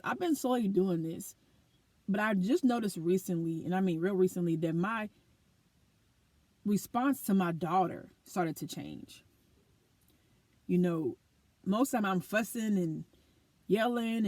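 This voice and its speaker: In a dry recording, a woman with a medium-pitched, darkish voice vlogs about her life, speaking earnestly and with animation to her camera. She is an adult with a daughter of school age.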